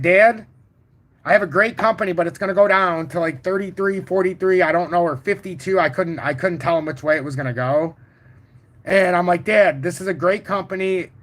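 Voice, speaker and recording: A man hosting a casual crypto livestream, walking through charts and chatting with viewers in a boastful, profane, animated way. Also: high voice. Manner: boastful and confident. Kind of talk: casual livestream chart talk, answering chat.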